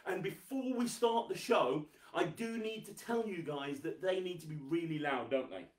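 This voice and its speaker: A man hosting a live children's magic show, energetic, coaxing and teasing as he gets the viewers to clap and cheer. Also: a little high, normal speed, echoey room, far from the mic. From England. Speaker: host, magician.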